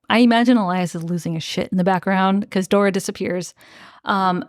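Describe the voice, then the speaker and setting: A woman's voice: mid-range voice, dry recording, studio quality. A woman co-hosting a podcast, retelling a book's scenes in a chatty way with lots of "like". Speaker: podcast co-host. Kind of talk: casual book discussion.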